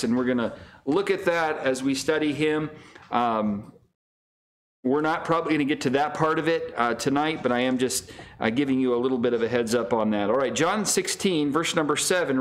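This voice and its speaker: A middle-aged man teaching a Bible study as a pastor, talking casually with many ums, uhs and restarts. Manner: reads scripture in raised, higher voice.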